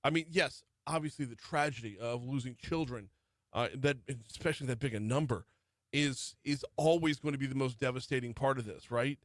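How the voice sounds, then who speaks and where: A man's voice: medium pitch, brisk, no echo. Chatty middle-aged male radio host. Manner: chatty, conversational, with asides. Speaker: radio morning show host. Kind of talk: talk radio news rundown. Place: radio studio. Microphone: studio microphone.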